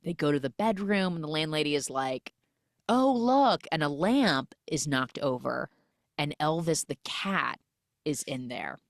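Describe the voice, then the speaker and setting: A woman podcast host casually recapping a film, retelling it in an animated way with lots of "like" fillers. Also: low-pitched, normal speed, vocal fry, no echo, studio quality.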